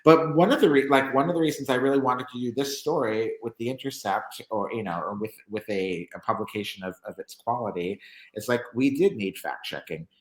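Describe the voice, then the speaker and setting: A man's voice: medium pitch, a little fast, echoey room, poor audio. A man speaking as a journalist guest in a casual interview, rambling with many restarts and fillers.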